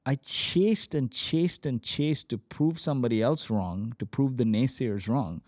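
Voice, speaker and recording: A man in his forties, a startup founder telling his story as a podcast guest, animated and acting out quoted dialogue. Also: mid-range voice, a little slow, dry recording, clean studio sound. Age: 40s. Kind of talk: energetic storytelling.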